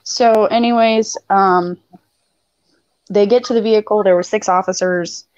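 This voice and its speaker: A woman's voice: mid-range voice, fairly even intonation, measured pace, darkish tone, dry recording. A woman recounting a court case in a casual voice chat, hesitant and full of fillers. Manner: hesitant storyteller, many fillers. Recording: dull, dry mic sound.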